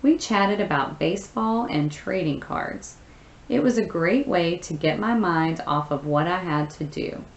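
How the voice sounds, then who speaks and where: A woman teacher with a fairly low voice reads a story aloud, then works through the answers. She explains patiently, one step at a time, often pausing on fillers. The room around her rings with a noticeable echo. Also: animated.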